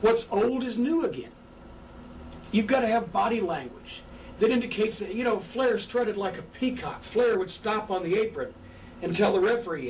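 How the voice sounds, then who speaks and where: An older man, a former wrestler seated on a couch, telling profane, animated stories and acting out crowd voices. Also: high voice, normal speed. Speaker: former pro wrestler, guest. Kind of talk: candid interview storytelling. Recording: distant mic with faint background noise.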